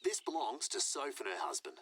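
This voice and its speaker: A man's voice: medium pitch, wildly swooping pitch, fairly quick, background noise. A man voicing a friendly male outback ranch guide in scripted game dialogue, with a folksy, welcoming manner.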